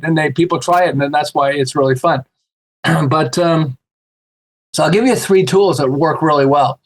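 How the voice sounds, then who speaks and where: Animated man telling stories, slightly high voice. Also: normal speed. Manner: animated, acts out quoted voices with laughs. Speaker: podcast guest, author. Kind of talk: casual storytelling chat.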